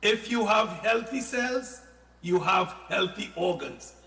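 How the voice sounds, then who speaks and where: A man explaining health products in casual, animated talk, often repeating words and adding playful asides. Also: high-pitched, takes it slowly. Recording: echoey studio with long reverb.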